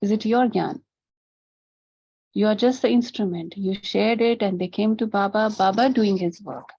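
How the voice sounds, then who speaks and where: A woman's voice: mid-range voice, normal speed, darkish tone, slightly rough. Woman teaching a spiritual class. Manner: poses rhetorical questions, acts out students' sweet pleas. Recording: slightly dull lo-fi recording.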